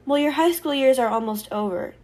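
A woman's voice: high voice, fairly quick, darkish tone, voice pushed up. A woman voicing a loyal, protective teenage boy who has just gained his hearing. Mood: earnest.

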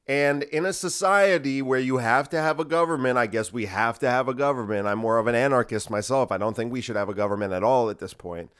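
A man's voice: mid-range voice, a little fast, hardly any pauses, fairly bright tone, clean tone. A man hosting a solo podcast, ranting in a sarcastic, profane way. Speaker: podcast host.

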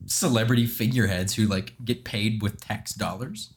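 A man's voice: fairly low pitch, moderate pace. A young man hosting a casual podcast, swearing freely and explaining things at length. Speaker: podcast host. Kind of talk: casual chat.

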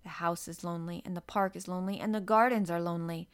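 A woman's voice: lowish voice, steady tone, quick pace, clear, resonant tone, natural voice. A woman voicing a lonely, earnest little girl who speaks in a wondering way.

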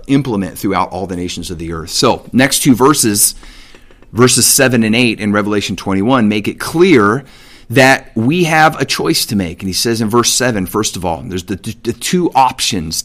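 A man giving a casual Bible teaching, paraphrasing God's words in everyday speech with lively emphasis. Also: fairly low pitch, normal speed.

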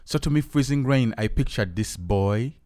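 A man's voice: mid-range voice, animated, moderate pace, warm tone, no room sound, studio quality. A man from Uganda hosting a podcast, chatting casually and playfully, asking joking questions. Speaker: podcast host. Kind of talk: casual chat.

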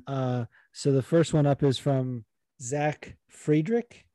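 A man co-hosting a podcast, chatting casually in a rambling, profane, animated way. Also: mid-range voice, slow pace, no echo. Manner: rambling, profane, animated, puts on regional accents. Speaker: podcast co-host. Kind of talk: casual chat.

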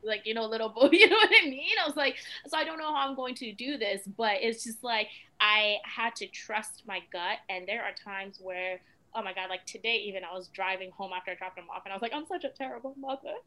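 A young woman from West Africa, a mother talking as a guest in a casual, expressive interview. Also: medium pitch, brisk, poor audio. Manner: animated and expressive, with frequent "you know what I mean".

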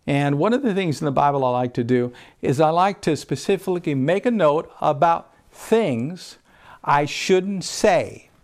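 Man preaching an emphatic sermon. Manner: emphatic preaching, voice rising on scripture and dropping low for stress. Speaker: pastor.

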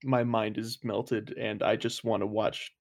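A young American man co-hosting a podcast over a voice call, joking with deadpan asides and frequent giggles. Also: lowish voice, measured pace. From United States. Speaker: podcast co-host. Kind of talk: casual podcast chat. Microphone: computer mic over a voice call.

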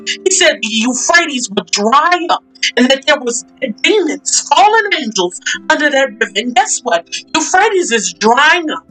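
A woman's voice: a little high, a bit bright, rough recording. A woman hosting a faith talk session, speaking fervently and emphatically in a preaching style, repeating her points.

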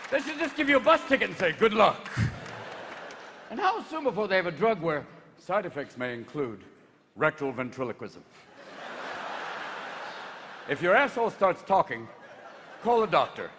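Wildly animated stand-up comic in his fifties. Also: sits high, long reverb tail, a little hiss or hum. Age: 50s. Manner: rapid-fire, jumping into voices. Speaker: comedian. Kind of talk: stand-up comedy routine. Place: live stage before an audience.

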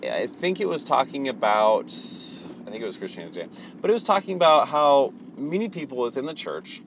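A man's voice: mid-range voice, very animated, a little fast, gravelly, noisy background. A man hosting a Christian podcast, speaking in a rambling, hesitant, casual monologue full of fillers and restarts.

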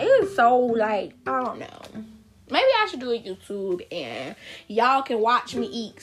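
A young woman chats loosely on her solo podcast and speaks straight to her listeners. Her voice sits a little high, and faint music plays under it. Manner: chatty, informal, talks straight to listeners. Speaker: podcast host. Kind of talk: casual solo podcast chat.

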